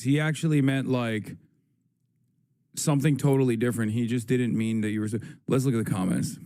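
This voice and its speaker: A man's voice: medium pitch, normal speed, warm tone. A man streaming live, ranting about politics in a casual, profane, sarcastic way and mocking people in silly voices. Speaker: live streamer reacting to clips.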